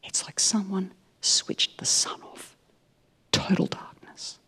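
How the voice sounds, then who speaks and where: A woman voicing an elderly grandmother who quietly recounts being abducted by aliens, in a hushed, whispered tone. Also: lowish voice, fairly even intonation, normal speed, slightly rough.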